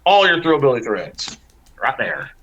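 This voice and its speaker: A man's voice: mid-range voice, huge pitch swings, measured pace, a bit bright, lo-fi sound. A young man, a pro wrestler guest talking in a brash, boastful, drawling way. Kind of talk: casual interview chat.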